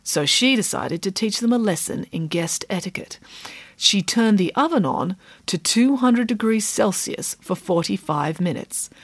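Woman narrator, animated pitch, playful audiobook reading, dry studio sound. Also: a little slow, breathy edge, no echo. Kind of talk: scripted narration.

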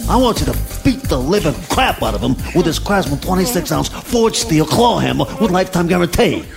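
Gravelly mobster boss a guy puts on, tough-guy bluster, swoops all over the place, radio ad skit with music under it. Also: on the high side, sing-song, a little fast. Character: gruff male mobster boss, brutal and pushy. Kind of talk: comedy radio ad sketch.

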